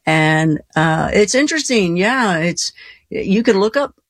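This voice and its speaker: Husky-voiced woman radio host. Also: medium pitch, expressive, unhurried, dry recording. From Colorado. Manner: chatty, laughs easily, folksy. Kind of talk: late-night call-in radio chat. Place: radio studio.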